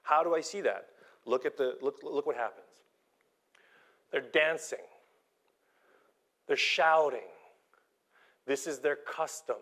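A man preaching a sermon with strong emphasis, sometimes dropping to a soft whisper. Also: on the high side, animated, slow, long pauses. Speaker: pastor.

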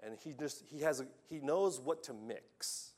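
A man preaching a sermon, telling stories with lively swings from loud urging to hushed, quiet lines. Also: on the high side, a little slow.

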